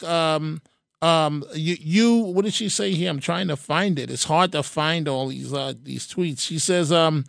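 Animated high-voiced male radio host. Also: takes it slowly, gravelly, clear, resonant tone, no echo, clean studio sound. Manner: animated, sarcastic, repeats words when stressing a point. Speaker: radio talk show host. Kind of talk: talk radio, taking calls. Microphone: studio microphone.

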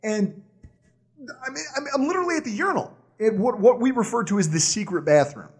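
A man co-hosting a podcast, telling a story in an animated, exasperated way. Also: high-pitched, a little fast, slightly rough. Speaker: podcast co-host.

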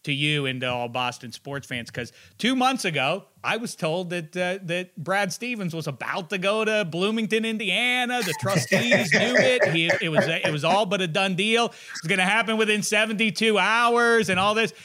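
Guy hosting sports talk, kinda high and bright, trips over his words a lot. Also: normal speed. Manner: animated, stumbling restarts.

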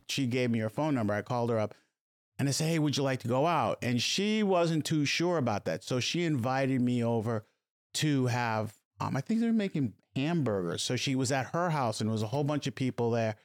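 A middle-aged man telling a story as a podcast guest, halting and repeating words as he goes. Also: medium pitch, lively intonation. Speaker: podcast guest, host's stepfather. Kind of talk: casual storytelling.

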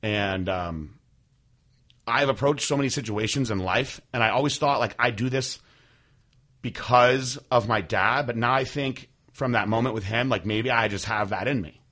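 A young man hosting a podcast, telling a personal story candidly, with many fillers and halting restarts. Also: medium pitch, pushed and bright. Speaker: podcast host.

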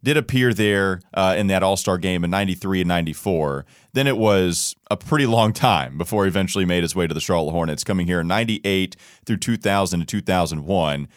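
A man co-hosting a sports podcast in a studio, chatting casually with an animated, jokey, self-deprecating manner. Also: low-pitched, a little fast, hardly any pauses, no room sound. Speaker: podcast co-host.

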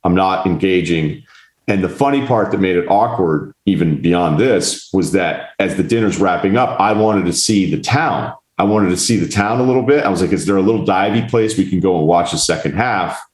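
A low-pitched man recounts a dinner story, slipping into the voices of the people he met along the way. His speech is casual and salty. The sound carries a roomy echo. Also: normal speed. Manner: animated, mimics others in quotes, swears. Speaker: podcast host.

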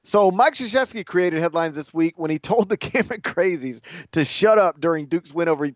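Sports host, male, animated storyteller, slightly muffled dry studio audio. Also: on the high side, moderate pace, no echo. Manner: animated storytelling, acts out quotes with shouts. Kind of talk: late-night casual sports chat.

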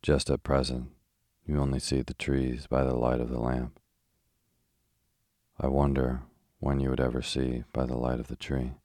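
A calm, grave gentleman who answers patiently, read by a man narrating a sleep story. The voice is extremely deep and flat in tone. The sound is dry, with no room around it. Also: normal speed, no echo. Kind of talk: sleep audiobook reading.

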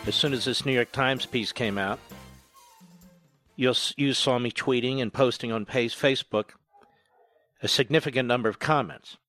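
A man hosting a political talk radio show, emphatic and indignant, firing off rapid points. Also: medium pitch, fairly bright tone, soft background music.

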